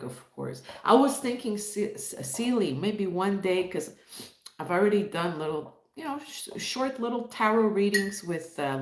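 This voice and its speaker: A woman's voice: on the low side, roomy sound. A woman from Montreal hosting a live stream, chatting casually and greeting viewers by name as she reads the chat. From Montreal, Canada. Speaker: livestream host.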